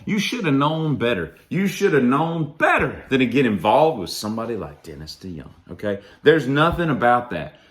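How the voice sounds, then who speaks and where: A man's voice: mid-range voice, sing-song, normal speed, hardly any pauses, a bit bright. A man in a casual, sarcastic rant about music, mocking and drawling through his asides. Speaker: vlogger ranting about music.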